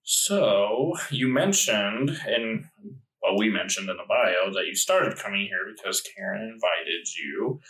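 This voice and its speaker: A man's voice: fairly low pitch, expressive, a little slow, fairly bright tone. A man co-hosting a casual church interview, speaking in an easygoing way. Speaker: co-host. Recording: echoey room.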